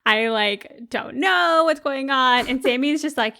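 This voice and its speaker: A young adult woman co-hosting a podcast, telling a story in casual chat, animated and laughing often. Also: high voice, a little slow. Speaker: podcast co-host.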